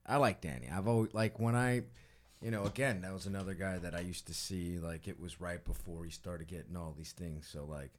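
Low-voiced Chicago comedian reminiscing. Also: male voice, fairly even intonation, brisk, slight background noise. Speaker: comedian podcast co-host. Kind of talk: casual chat.

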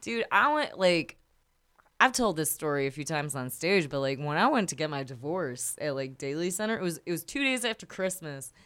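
A woman's voice: deep voice, expressive, moderate pace, fairly bright tone, clean tone. A woman, a comedian co-hosting a casual chat, telling stories animatedly and laughing often. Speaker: co-host comedian.

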